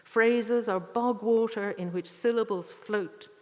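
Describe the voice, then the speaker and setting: A woman giving a poetry reading with short spoken introductions, earnest and unhurried, with thoughtful pauses. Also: fairly high pitch, darkish tone. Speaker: poetry reader at a tribute evening. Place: church. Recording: echoey church hall.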